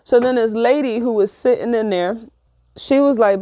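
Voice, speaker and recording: A woman, telling a personal story in a casual, slangy, profane and animated way. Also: fairly high pitch, moderate pace, no room sound, clean studio sound. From New York. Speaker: vlogger.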